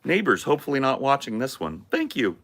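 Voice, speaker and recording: Joking guy streaming live, swears a lot, bright sharp voice that's super bouncy. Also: medium pitch, huge pitch swings, fairly quick. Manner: crude, joking, swears freely. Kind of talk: casual live-stream chatter.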